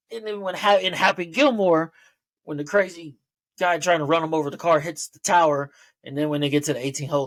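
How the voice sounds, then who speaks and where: A man talks through a film review in a loose, rambling way, leaning on fillers and dropping curse words as he laughs along. His voice sits at an ordinary middle pitch. The recording is dry, with no room sound. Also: dry recording. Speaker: movie reviewer. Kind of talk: casual spoken movie review.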